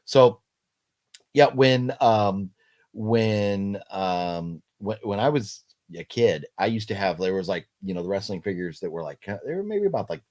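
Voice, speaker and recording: Halting, low-voiced man hosting a live chat. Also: lively intonation, darkish tone. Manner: halting, many fillers and restarts. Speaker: livestream host. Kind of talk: casual live chat reading comments.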